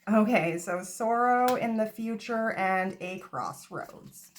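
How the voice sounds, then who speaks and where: A woman's voice: medium pitch, slow, slight background noise. A woman giving a casual tarot reading, chatty and self-mocking, swearing freely, recorded on a phone. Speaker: tarot reader. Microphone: phone camera.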